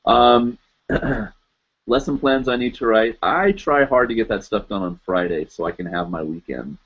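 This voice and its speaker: Man in his thirties, casual live-stream host, low voice, rambling with fillers, muffled lo-fi audio. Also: a little slow, creaky, a bit bright, slightly rough. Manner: rambling, searching for words, many fillers. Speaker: podcast host.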